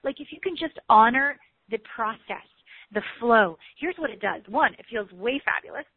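A woman relationship coach giving a candid, animated motivational talk, swearing casually. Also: on the high side, normal speed, slightly rough, dry recording. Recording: tinny phone-like sound.

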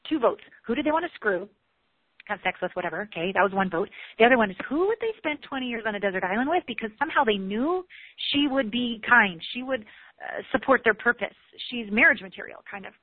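A woman relationship coach giving a candid, animated motivational talk, swearing casually. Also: fairly high pitch, fast talker, breathy edge, no room sound. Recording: tinny phone-like sound.

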